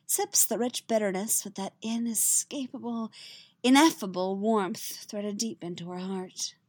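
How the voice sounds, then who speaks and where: A woman's voice: medium pitch, measured pace, darkish tone, no echo. A woman narrating a story aloud, reading it expressively and giving the dialogue voices. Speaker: fan fiction reader.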